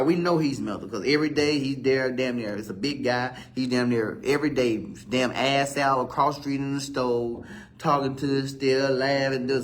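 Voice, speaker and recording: A man's voice: medium pitch, slight background noise. Profane thirties male host, rambling storyteller, mid-range voice. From Virginia, USA. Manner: rambling storytelling with profanity and animated quoted outbursts. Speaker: talk show host. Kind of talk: casual live-stream monologue.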